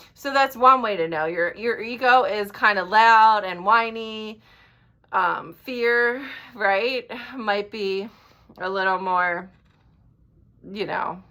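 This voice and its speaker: Speaking straight to camera, this woman gives a sincere coaching talk in a medium-pitched voice with a fairly bright tone. After every point she checks in with her listeners, and her blunt style includes the occasional casual swear word.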